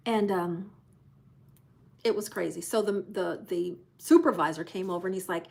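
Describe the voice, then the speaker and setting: A woman's voice: on the low side, normal speed, gravelly, long pauses. A woman hosting a live cruise show tells a story in a casual, chatty way. She acts out the voices of the people she quotes. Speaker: cruise channel host.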